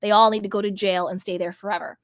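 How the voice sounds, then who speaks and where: A woman's voice: medium pitch, steady tone, fast, dry recording, clean studio sound. A woman hosting a commentary channel, talking in a casual, emphatic way with repetitions and rambling asides.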